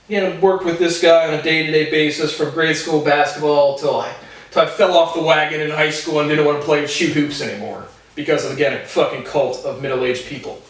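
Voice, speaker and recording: High-voiced young man rambling in echoey room. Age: 20s. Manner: rambling, profane, animated tangents. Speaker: vlogger. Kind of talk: rambling personal monologue to camera. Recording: very echoey room, voice far from mic.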